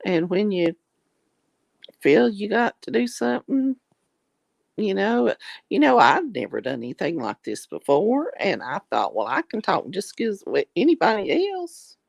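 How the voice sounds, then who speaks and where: Chatting folksily on her livestream, this East Tennessee woman with a Southern mountain drawl reads comments and addresses viewers as honey and darling. Her mid-range voice is sing-song, creaky and a little slow, and the recording is dry.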